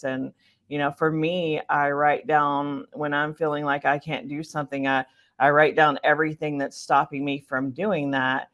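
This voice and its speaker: A woman's voice: low-pitched, flat delivery, moderate pace, a bit bright. A woman hosting a podcast interview, affirming her guest and speaking in long flowing thoughts. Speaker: podcast host. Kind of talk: interview conversation.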